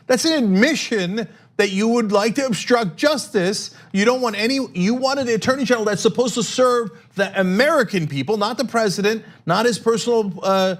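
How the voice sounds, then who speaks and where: A man's voice: sits high, moderate pace. A man hosting political commentary, sarcastic and indignant.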